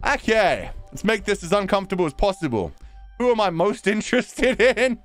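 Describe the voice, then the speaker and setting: A man's voice: high voice, very animated, moderate pace, faint music behind. A man commenting casually on a visual novel as a streamer, laughing, crude and teasing.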